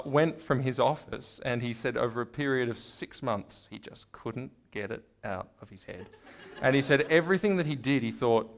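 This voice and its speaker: Australian man, interview guest, chatty, animated storyteller, mid pitch. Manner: animated storyteller, acts out quoted voices. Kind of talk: conversational interview.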